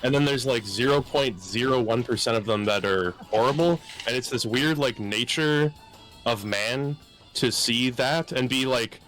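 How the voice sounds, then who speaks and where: A man's voice: mid-range voice, moderate pace, fairly bright tone, faint music behind. A man guesting on a gaming podcast, talking in a thoughtful, reflective way with many hedging fillers. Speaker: podcast guest who makes videos. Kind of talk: casual chat.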